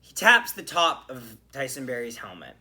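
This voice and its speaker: A man with a bright, forceful voice talks through a hockey game on his podcast. He rants and swears in animated bursts, then settles back into casual chat. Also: medium pitch, moderate pace. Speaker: podcast host. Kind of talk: solo hockey game reaction.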